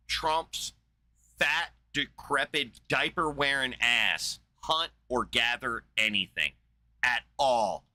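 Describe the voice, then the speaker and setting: A man's voice: mid-range voice, sharp tone, poor audio. A man hosting a podcast, ranting angrily as he reacts to a debate, exasperated and swearing heavily. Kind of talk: profane angry rant.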